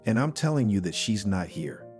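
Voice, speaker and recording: A man's voice: lowish voice, very animated, normal speed, darkish tone, soft background music. A man voicing a defiant, irritable mother. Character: stubborn mother in a wheelchair.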